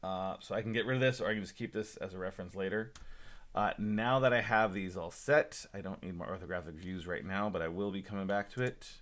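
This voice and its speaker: Low-voiced man teaching a software demo. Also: brisk. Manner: talks to himself while working, relaxed asides and small jokes. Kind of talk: screen-recorded software demo lesson.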